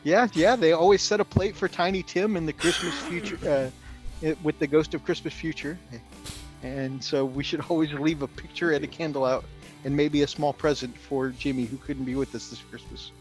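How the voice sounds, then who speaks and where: A talkative man co-hosts a casual hobby livestream, his voice sitting a little high for a man. He laughs easily and tosses in quick asides. Faint music plays underneath. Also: fairly even intonation. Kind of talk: casual chat.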